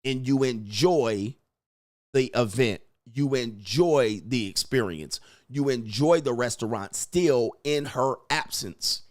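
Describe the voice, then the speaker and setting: A man giving dating advice in a blunt, emphatic monologue, swearing freely and acting out quoted lines. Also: takes it slowly. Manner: acts out quoted lines with rising pitch. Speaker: dating coach. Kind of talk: casual monologue.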